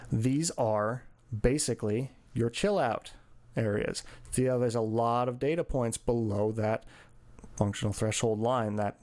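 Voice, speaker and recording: Male cycling coach, gravelly voice, mid pitch, loose filler-heavy explaining over charts. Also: a little mellow. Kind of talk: screen-share training lesson.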